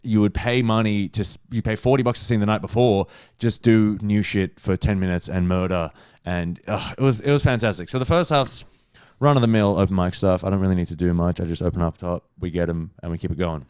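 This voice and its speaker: A young man, a stand-up comedian, telling a story in casual chat, animated and swearing freely. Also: low-pitched, brisk, clean tone, no room sound, studio quality. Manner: animated, swears freely, acts out other people's lines.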